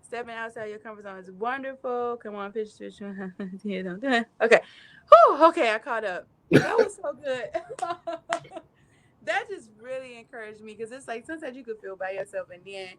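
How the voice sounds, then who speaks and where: A woman's voice: on the high side, lively intonation, normal speed. Tearful, gushing woman on a live stream. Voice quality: tearful, laughing. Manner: effusive, gushing shout-outs. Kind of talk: emotional casual chat, reading comments.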